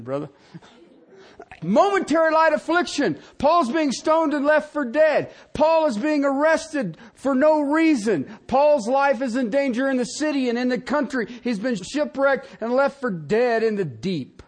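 A middle-aged male pastor preaching a sermon, swinging from soft asides to shouted emphasis. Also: very high-pitched, animated, a little slow.

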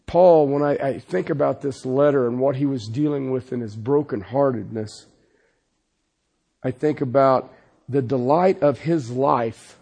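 A man preaching a sermon as pastor, swinging from loud insistence to hushed, pleading passages. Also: mid-range voice, a little slow, creaky.

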